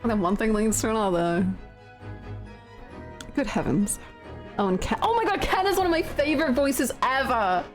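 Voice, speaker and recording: A young British woman hosting a casual game stream, reading viewer comments in giggly, bashful, animated bursts. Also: a little high, moderate pace, pauses often, faint music behind. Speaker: livestream host.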